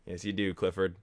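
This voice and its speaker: A man hosting a casual movie watch-along commentary, rambling and enthusiastic. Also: low voice. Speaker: film reviewer, host.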